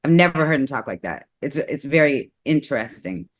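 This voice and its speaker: A woman's voice: rumbling low, animated, a little fast. Chatty woman co-hosting a talk show. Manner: chatty, questioning. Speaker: co-host. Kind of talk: casual chat.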